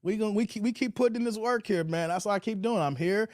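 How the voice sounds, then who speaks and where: A man with a high, slightly mellow voice talks at a quick pace in a dry, clean studio recording. Hosting a livestream commentary channel, he is preachy and repetitive, often drawling "man" at the end of his lines.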